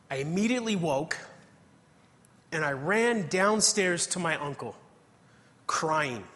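A man's voice: fairly high pitch, animated, a little slow, long pauses, a bit bright. A man preaching a testimony sermon, telling his story earnestly and reading scripture aloud. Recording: hall reverb.

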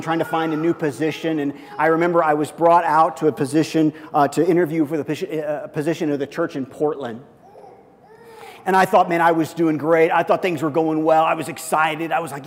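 Storytelling man preaching in a reverberant hall. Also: fairly high pitch. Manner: storytelling with lively swings into excited quoted speech. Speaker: pastor. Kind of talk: sermon.

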